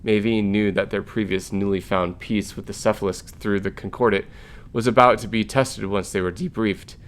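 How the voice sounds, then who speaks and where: A man reviewing a story game, narrating its text aloud in an even, plain way. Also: lowish voice, normal speed, smooth.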